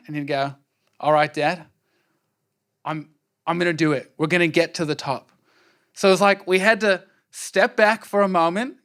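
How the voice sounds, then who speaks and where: A man's voice: on the high side, fairly bright tone. An earnest man, giving a conversational conference workshop talk and checking in with the audience. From Australia. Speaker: workshop speaker.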